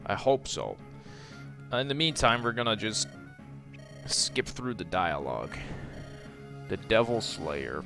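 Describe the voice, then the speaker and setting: A young man from the Netherlands hosts his own game livestream at an unhurried, drawn-out pace. He talks casually, trailing off mid-sentence and restarting as he tinkers with his setup. Faint game music plays underneath his voice. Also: on the low side, sing-song, gravelly. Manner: rambling, trails off and restarts while fiddling with settings. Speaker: gaming streamer.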